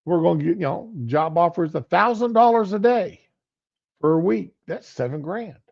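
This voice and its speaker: Gravelly middle-aged man, lo-fi stream. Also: sits high, lively intonation, normal speed. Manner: rambling and conversational. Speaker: livestream political commentator. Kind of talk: casual political commentary. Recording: lo-fi stream audio.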